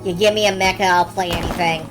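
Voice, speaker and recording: A woman's voice: lowish voice, fairly even intonation, fast talker, over music. A woman streamer giving casual live commentary while playing a game demo, wry and enthusiastic, swearing freely and thinking aloud.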